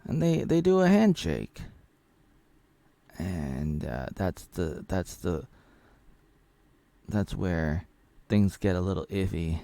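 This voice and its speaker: A man's voice: low-pitched, big pitch swings, slow pace, gravelly, pauses often, mellow, dry recording. A man casually recapping an old film, rambling and joking as he retells the plot. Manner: rambling, jokey retelling with acted-out quotes. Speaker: film reviewer.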